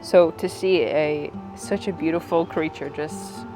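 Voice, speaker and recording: A woman's voice: fairly low pitch, measured pace, few pauses. A woman chatting casually in her own gardening vlog, giggly and easily moved, laughing often. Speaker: gardening vlogger. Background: music.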